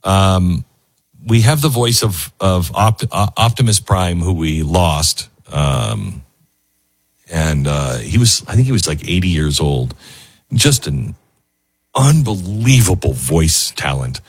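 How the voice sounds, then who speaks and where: A man's voice: deep voice, lively intonation, slow pace, slightly rough, no room sound, clean studio sound. A man hosting a talk show, speaking in a loose, emotional way with lots of fillers and restarts. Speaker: radio host. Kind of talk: casual on-air talk.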